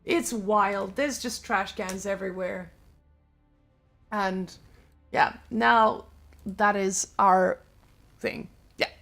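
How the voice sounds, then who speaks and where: A woman's voice: mid-range voice, steady tone, drawn-out words, creaky, long pauses, a bit bright, soft background music. A young adult woman with a Serbian accent, chatting casually on a live stream in loose, non-native English.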